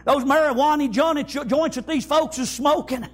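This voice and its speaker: Male preacher, very high-pitched, fiery sermon delivery, shouts in bursts, rhythmic amens. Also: normal speed. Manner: shouting, rhythmic, repeats praise God and amen.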